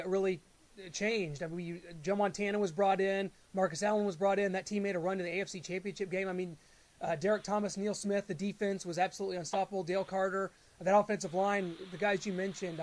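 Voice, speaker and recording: A man's voice: high voice, fairly even intonation, fairly quick, a little mellow. A male sports show host rambling through a list of names before asking his question. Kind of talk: casual sports talk interview.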